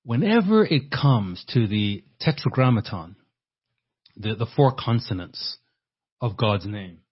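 A man with a low, husky voice preaches a sermon, building to forceful rhetorical questions and repeating words as he works through a point. The recording sounds dull and lo-fi. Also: animated, a little slow. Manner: repeats words while thinking.

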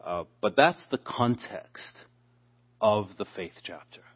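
Male preacher, low husky voice, teaches scripture and voices the quotes, muffled lo-fi recording. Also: lively intonation, slow. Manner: expository, acts out quoted speakers. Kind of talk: Bible teaching. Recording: dull lo-fi sound.

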